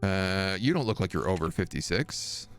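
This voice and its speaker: Gravelly, lively-voiced gaming streamer. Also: male voice, low-pitched, moderate pace, faint music behind. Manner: reads on-screen game text aloud, jokey asides. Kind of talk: let's-play commentary.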